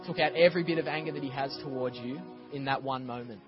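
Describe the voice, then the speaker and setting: A man preaching a sermon as a pastor, telling stories in a lively way and acting out scenes. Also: medium pitch, quick pace, highs cut off, music in the background. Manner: animated storytelling, acts out scenes. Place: church.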